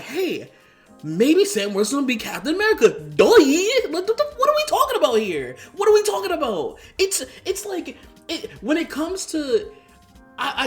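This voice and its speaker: A vlogger giving ranting commentary, exasperated and profane, firing off rhetorical questions. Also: mid-range voice. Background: faint background music.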